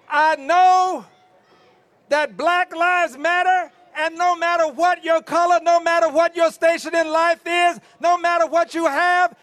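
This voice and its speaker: A man giving an impassioned protest speech, repeating his refrains and breaking into shouts. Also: extremely high pitch. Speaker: rally speaker.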